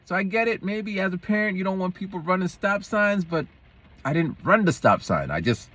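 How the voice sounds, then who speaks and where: A schoolteacher who vlogs talks casually to the camera, his male voice pitched high, animated and a bit bright at a moderate pace. His stories ramble and digress, hopping from one topic to the next.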